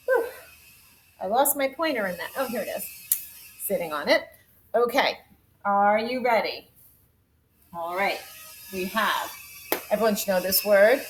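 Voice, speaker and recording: A young adult woman teaching a phonics lesson to young children from home, in a slow, sing-song teacher voice that exaggerates the rhythm of sentences. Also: fairly high pitch, sing-song, low-quality recording.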